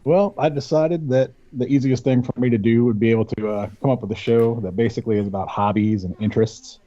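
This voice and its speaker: A man's voice: medium pitch, fairly even intonation, quick pace, mellow, dry recording, dull audio. A man chatting easily as a podcast guest, rambling a little as he explains his hobbies. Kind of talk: casual chat.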